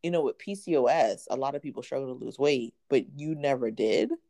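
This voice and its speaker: A woman's voice: extremely low pitch, brisk, mellow. A woman in casual conversation, talking animatedly with lots of "like" and frequent laughter. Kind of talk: casual chat.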